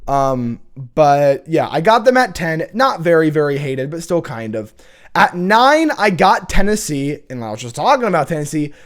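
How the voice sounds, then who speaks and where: A man's voice: a little high, big pitch swings, moderate pace. A young man hosting a college football show, talking in a casual, opinionated, rambling rant with many restarts.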